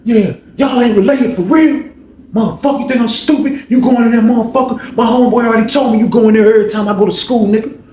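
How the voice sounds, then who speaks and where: Guy putting on a squeaky angry old jailhouse dude, yelling and repeating himself, echoey room. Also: animated, moderate pace, vocal fry, far from the mic, slight background noise, exaggerated voice. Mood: ranting. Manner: high, shouting, repeats himself. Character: agitated older male inmate, paranoid and cussing. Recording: roomy echo.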